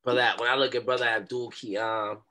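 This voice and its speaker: A young man telling a story as a podcast guest, in animated street talk and acting out what people said. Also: medium pitch, fairly quick. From New York.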